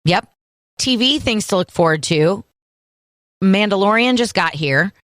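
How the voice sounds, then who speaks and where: A woman co-hosting a radio show, running briskly through items. Her voice sits at an ordinary middle pitch, close on a studio mic. The sound is dry. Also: animated, fairly bright tone, dry recording. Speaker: radio co-host. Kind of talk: morning radio show chat.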